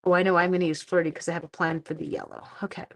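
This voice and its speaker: A woman's voice: on the low side, little pitch movement, rapid-fire, creaky. A middle-aged woman hosting a casual craft live stream, chatting to viewers and greeting them by name as she works. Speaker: stamping demonstrator and live stream host.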